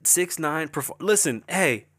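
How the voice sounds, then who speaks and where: A man's voice: a little high, lively intonation, unhurried, fairly bright tone, no echo, clean studio sound. A young man hosting his own show, rambling loosely and swearing constantly as he riffs casually, speaking as a rapper. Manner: rapper, says he is an artist. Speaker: show host. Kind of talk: casual profane monologue.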